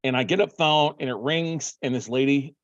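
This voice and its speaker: A man's voice: medium pitch, normal speed, no room sound, muffled recording. A man hosting a show, telling a story casually and acting out his own phone calls. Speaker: podcast host.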